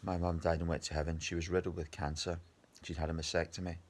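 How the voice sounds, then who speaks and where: An exhausted Scottish man in his fifties records a personal video diary, rambling, agitated and swearing heavily. His voice is low and level in tone, and he speaks quickly.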